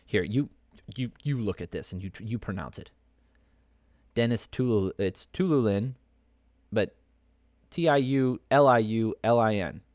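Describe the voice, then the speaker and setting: A man's voice: on the low side, a little slow, long pauses, darkish tone, no room sound, studio quality. A man hosting a podcast, giving casual, opinionated fight commentary that rambles with many fillers and restarts. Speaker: podcast host.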